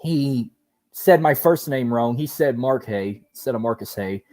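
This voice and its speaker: A man from Louisiana, chatting casually as a podcast host and rambling with quick self-corrections. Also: mid-range voice, darkish tone, no echo. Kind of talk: casual chat.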